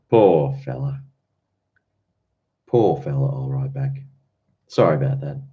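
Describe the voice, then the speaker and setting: Low-voiced man, chatty stream host. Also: lively intonation, slow, long pauses, lo-fi sound. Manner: chatty, rambling, answers chat comments. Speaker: livestream host. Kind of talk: casual chat with viewers.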